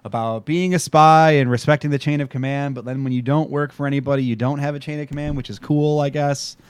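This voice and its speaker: A man's voice: mid-range voice, steady tone, fast, smooth, no room sound. Rambling sarcastic man co-hosting a podcast. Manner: rambling, sarcastic, many fillers. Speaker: podcast co-host. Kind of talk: casual chat recapping a TV episode.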